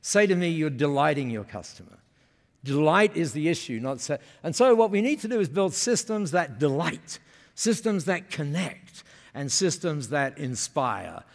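Energetic male speaker in an echoey hall. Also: fairly high pitch, normal speed, vocal fry. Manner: energetic, asks the audience questions. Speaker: keynote speaker. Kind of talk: business seminar talk. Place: conference hall. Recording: long hall reverb.

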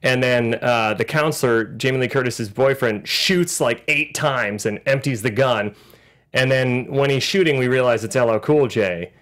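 A man co-hosting a film podcast in casual chat, animated, laughing often and acting out lines. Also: medium pitch, moderate pace. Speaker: podcast co-host.

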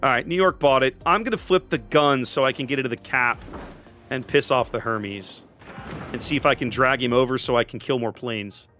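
A man's voice: mid-range voice, moderate pace, pushed and bright, faint music behind. A man casually commentating his own naval battle game, joking and sarcastic with theatrical asides. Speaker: gameplay commentator.

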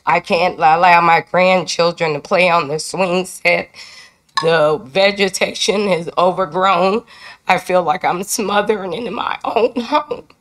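A woman's voice: mid-range voice, a bit bright. An older woman making an emotional, indignant public comment at a city council meeting. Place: council chamber.

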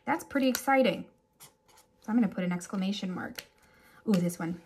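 A woman teacher giving a relaxed, chatty remote lesson to children, with animated examples and little asides. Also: mid-range voice, fairly quick, a little hiss or hum.

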